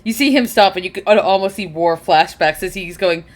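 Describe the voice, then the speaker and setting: A woman's voice: on the low side, brisk. A woman running a tabletop role-playing game who narrates casually, laughs often and swears freely. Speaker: game master.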